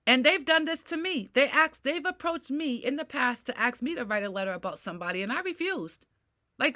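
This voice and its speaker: A middle-aged mental health vlogger rants about personal matters, swearing and constantly seeking a "right?". She speaks fairly quickly in a high-pitched, expressive voice that's bright and forceful.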